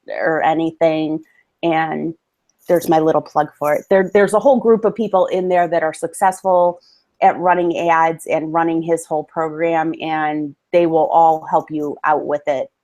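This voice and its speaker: A woman guest in a casual interview, enthusiastic and friendly with quick asides. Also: lowish voice, darkish tone. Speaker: guest, book promotion company owner.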